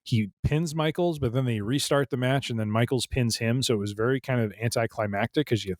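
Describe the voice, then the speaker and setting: A man's voice: medium pitch, fairly quick, no echo. A man co-hosting a casual podcast chat, rambling with lots of fillers and restarts. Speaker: podcast co-host.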